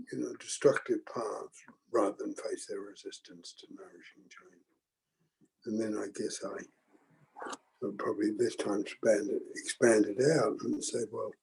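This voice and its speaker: An older man talks slowly and thoughtfully to a group, with frequent pauses and restarts. His voice is gravelly and husky, with a dark, mellow tone. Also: mid-range voice, poor audio. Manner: slow, halting, with many ums and restarts. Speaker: teacher leading a forum. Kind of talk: reflective group teaching talk.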